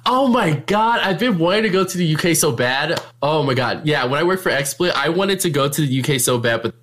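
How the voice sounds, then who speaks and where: A man's voice: fairly high pitch, animated, brisk, a bit bright. Chatty young man, laughing often. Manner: chatty, laughs often, many filler likes. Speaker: streamer and meetup organizer. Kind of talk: casual chat.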